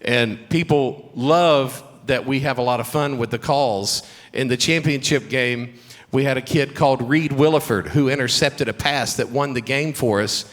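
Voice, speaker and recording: A man's voice: mid-range voice, normal speed. A middle-aged man with a Southern accent talks to a school chapel audience, mixing light family stories with faith encouragement. His voice sits in a middle register. The sound carries a long reverb from a large hall. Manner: warm storytelling with humor and faith encouragement. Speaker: guest speaker at a school chapel. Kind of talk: chapel talk to students.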